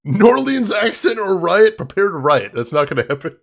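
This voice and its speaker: A husky-voiced man hosts a casual let's play, hamming it up like a showman with mock-grand announcements. His pitch swings widely and sits a touch high. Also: sing-song, a little fast. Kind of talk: casual game commentary.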